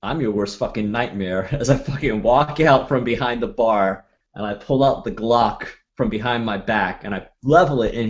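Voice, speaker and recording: A brash man playing a tabletop game who describes his moves with plenty of curses. His voice sits at a middle pitch. The audio is dull and lo-fi, from an online call. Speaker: player.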